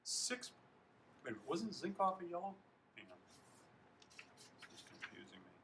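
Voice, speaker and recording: A man reading a children's novel aloud, expressive, stopping now and then to comment on the text and correct himself. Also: fairly high pitch, a little slow, vocal fry, heavy background noise. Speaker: reader.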